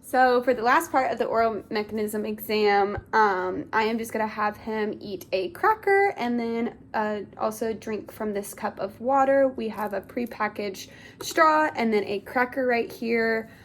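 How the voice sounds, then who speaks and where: On the high side and a little slow, a young woman's voice leads a clinical exam as a speech therapy student examiner. Her instructions come step by step, polite and encouraging, peppered with "awesome," over slight background noise.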